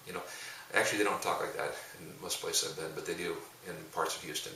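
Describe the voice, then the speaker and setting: A man's voice: low-pitched, steady tone, fast talker, sharp tone. A middle-aged man, a pastor and coach, telling rambling, jokey stories in casual talk with frequent restarts. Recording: roomy echo, distant mic, faint hiss.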